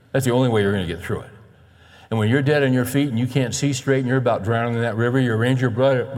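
A middle-aged male pastor preaching a sermon in an animated way, acting out the voices he quotes. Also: mid-range voice. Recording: long reverb of a large hall.

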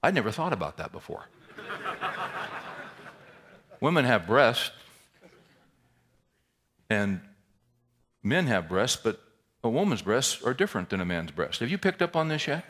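A man's voice: mid-range voice, very animated, measured pace, pauses often, a bit bright. A man preaching, telling a personal story candidly and conversationally, with wry humor.

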